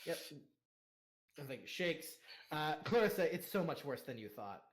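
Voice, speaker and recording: A man's voice: on the high side, sing-song, moderate pace. A young man narrating as game master, rambling with fillers and laughter.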